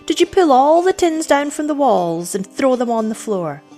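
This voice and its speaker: A woman voicing a cool, scornful young village girl who speaks in a measured, superior way. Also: high voice, sing-song, mellow, faint music behind, voice pushed up.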